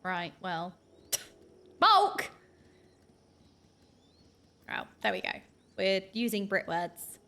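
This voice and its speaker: A woman's voice: lowish voice, steady tone, takes it slowly, vocal fry, long pauses, a bit bright. A young British woman with a British accent chatting animatedly while streaming a game, bursting into laughs and mock outrage. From United Kingdom.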